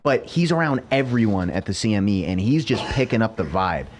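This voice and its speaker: A man telling a story in a casual group chat, quick and animated, swearing freely. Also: on the low side, slight background noise.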